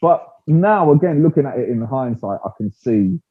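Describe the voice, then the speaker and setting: A man, chatting about fights in a loose, slangy and animated way. His voice sounds a little husky. The audio is narrow and tinny, like a phone line. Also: mid-range voice, moderate pace. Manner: slangy, animated, peppers speech with "bruv". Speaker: podcast co-host. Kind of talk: casual fight-talk chat.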